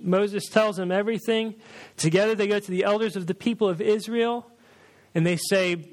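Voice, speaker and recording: A male preacher retelling a story in a sermon, lively and acting out the dialogue. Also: high-pitched.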